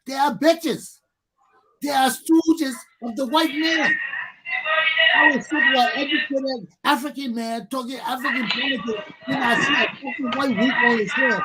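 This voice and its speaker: Talk show host, man from Liberia, husky voice, furious profane rant with rhetorical questions. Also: extremely high pitch, a bit bright. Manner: angry, profane, repeating himself, rhetorical questions.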